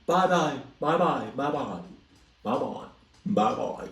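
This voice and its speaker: A man voicing a sleazy fake-French male photographer with a mock French accent and wheedling, drawn-out sweet talk. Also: mid-range voice, lively intonation, gravelly, fairly bright tone, roomy sound, far from the mic, full character voice.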